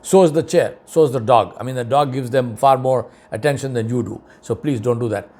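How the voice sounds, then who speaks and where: A man's voice: brisk, warm tone. A middle-aged man giving an earnest, emphatic advice talk, repeating key points for stress. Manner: mocking quoted voices in a higher tone. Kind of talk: lecture-style advice talk.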